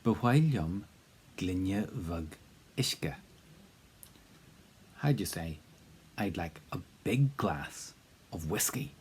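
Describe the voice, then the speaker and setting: A man's voice: low-pitched, animated, drawn-out words, pauses often, darkish tone, a little hiss or hum. A man teaching a spoken language lesson in a casual, encouraging way, with plenty of fillers and repeated drill prompts.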